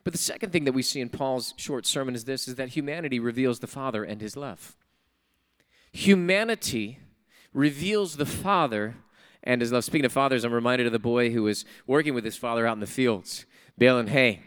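A man's voice: medium pitch, a little fast, fairly bright tone, smooth. A male pastor preaching a sermon in a church, emphatic, repeating key phrases and putting questions to the congregation. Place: church sanctuary.

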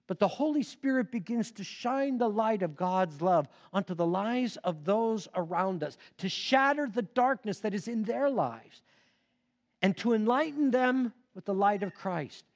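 A male preacher giving a sermon and telling a story with expressive emphasis. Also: high-pitched.

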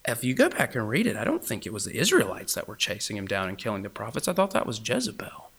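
A man preaching a sermon as a campus minister, swinging between loud animated emphasis and hushed whispers. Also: fairly low pitch, fast, vocal fry, slightly rough.

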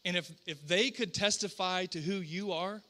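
A man giving a conversational sermon as pastor, casual and animated, often restarting his phrases. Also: sits high, moderate pace.

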